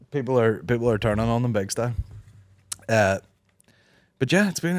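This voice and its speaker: A Northern Irish man in his thirties holds forth alone on his podcast, swearing freely and rambling from joke to joke while he acts out bits of other people's talk. His throat is sore, his pitch sits mid-range, and the close mic sounds very dry, with no room to it. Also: animated, normal speed, pauses often, no echo. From Northern Ireland. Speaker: podcast host. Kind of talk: solo comedic podcast rant.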